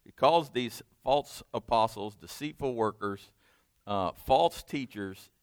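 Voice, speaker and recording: A man leading a Bible study, reading scripture slowly and explaining it in a conversational way. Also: mid-range voice, darkish tone, no room sound. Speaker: Bible teacher.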